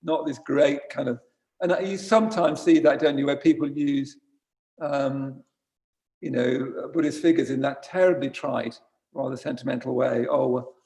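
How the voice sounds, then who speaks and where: A man's voice: mid-range voice, moderate pace, a little mellow. A man giving an informal dharma talk as a Buddhist teacher, conversational and wry, often correcting himself mid-sentence. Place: retreat centre shrine room.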